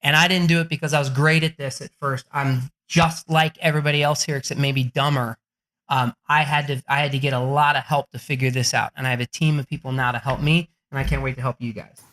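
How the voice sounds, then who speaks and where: A man talking as a podcast guest, animated and energetic, swearing freely and laughing as he talks. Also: medium pitch, quick pace. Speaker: podcast guest, book coach. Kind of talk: energetic, profane interview talk.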